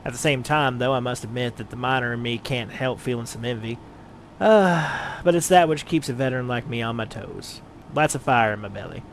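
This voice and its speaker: A man's voice: medium pitch, a little fast, slight background noise, close to an everyday voice. A man voicing an earnest, encouraging veteran male guild mentor.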